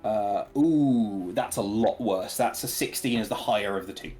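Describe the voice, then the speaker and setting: A man's voice: on the low side, normal speed, soft background music. Easygoing man running a tabletop game. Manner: relaxed, hesitant with frequent ums. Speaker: game master.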